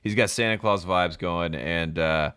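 Brief: young male podcast co-host, very low voice, dry close sound, upbeat sports banter. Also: unhurried, fairly bright tone, clean tone, dry recording. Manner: enthusiastic, laughs while talking. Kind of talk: casual sports chat.

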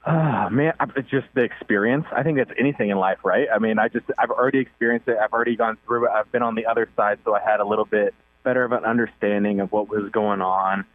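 A man's voice: lowish voice, steady tone, quick pace, no echo. A young man calling in to a radio show, chatting easily and upbeat with lots of fillers over the phone. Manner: easygoing, upbeat, with many fillers. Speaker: guest on the phone. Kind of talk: casual phone interview. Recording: dry tinny phone line.

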